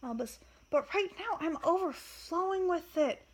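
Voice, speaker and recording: A woman's voice: very high voice, lively intonation, measured pace, voice pushed up. A woman reading the lines of a sulky, sarcastic teenage boy wizard in a storybook reading. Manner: sarcastic, mocking.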